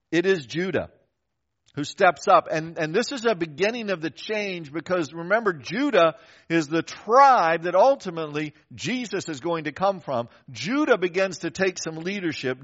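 Older man, pastor, sermon, conversational storytelling, slightly high voice, dull lo-fi sound. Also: lively intonation, unhurried, fairly bright tone. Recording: dull lo-fi recording.

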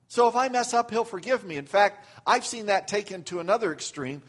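A man's voice: high voice, very animated, a little fast, hardly any pauses, fairly bright tone, slightly rough. An older man preaching a sermon as pastor, acting out quoted prayers with rising emphasis.

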